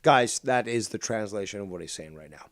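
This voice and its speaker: Sarcastic male call-in host, mid-pitched, dry close sound. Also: expressive, brisk, fairly bright tone, no echo. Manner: mocking, sarcastic, insulting. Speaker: stream host. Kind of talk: live call-in commentary.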